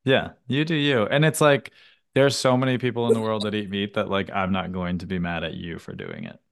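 Low-voiced man telling animated stories. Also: brisk, gravelly. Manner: animated storytelling with acted-out quotes and casual swearing. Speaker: podcast host. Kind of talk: casual chat.

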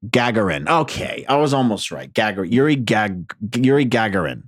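A man's voice: lowish voice, big pitch swings, moderate pace, dry recording, clean studio sound. A man from New Jersey rambling through a casual monologue, profane, sarcastic and self-deprecating.

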